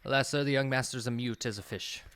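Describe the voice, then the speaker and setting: A man's voice: mid-range voice, quick pace, fairly bright tone, smooth, close to an everyday voice. A man reading as a humble old servant. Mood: sorrowful. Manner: formal, deferential, calls everyone sir. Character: elderly male family servant, humble and sorrowful.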